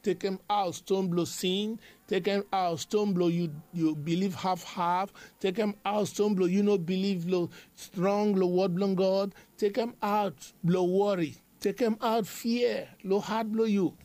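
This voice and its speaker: A man's voice: high-pitched, steady tone, a little slow, hardly any pauses, dark tone, dry recording. A man preaching a devotional sermon in a repetitive, emphatic cadence.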